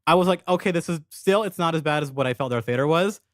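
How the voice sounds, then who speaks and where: A man's voice: a little high, expressive, quick pace, no room sound, clean studio sound. A young man co-hosting a casual podcast, opinionated and blunt, swearing freely as he talks. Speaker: podcast co-host. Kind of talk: casual chat.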